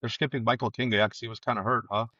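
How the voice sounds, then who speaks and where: A man's voice: mid-range voice, steady tone, quick pace, sharp tone, dry recording, muffled recording. A podcast co-host in a casual chat, a man who agrees a lot and rambles with many fillers. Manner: agreeable, chatty, lots of "like" and "yeah".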